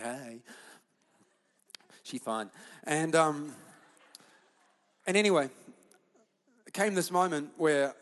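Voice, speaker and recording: A man preaching a sermon as a pastor, confessional and impassioned, rallying the congregation. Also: mid-range voice. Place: church auditorium. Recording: long hall reverb.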